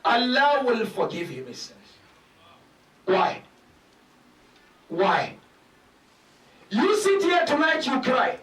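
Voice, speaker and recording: A man with a very high, bright voice preaches slowly and deliberately, counting out his points and asking rhetorical questions. His emphatic delivery swells to shouted peaks. He sounds far from the mic in an echoey hall. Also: huge pitch swings. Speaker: sheikh giving a lecture. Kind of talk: sermon. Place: large mosque hall.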